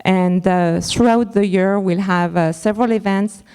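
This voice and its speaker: A woman, a school's director of advancement, presenting at a member forum and speaking haltingly with many fillers. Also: mid-range voice, a little mellow, smooth, in a large hall. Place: large hall at a school forum.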